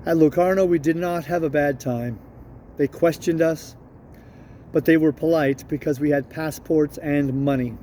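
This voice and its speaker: A man reads a novel aloud at a steady, unhurried pace and now and then corrects himself. His voice is mellow and pitched a little high. Faint street sounds drift in behind him. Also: a little hiss or hum. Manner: steady, unhurried reading with small self-corrections. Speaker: audiobook reader.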